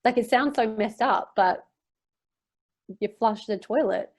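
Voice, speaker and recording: A woman's voice: on the high side, measured pace, a little mellow. A young woman speaking as a guest on a podcast. She tells a very personal story in a candid, emotional way. She rambles and uses many fillers as she talks.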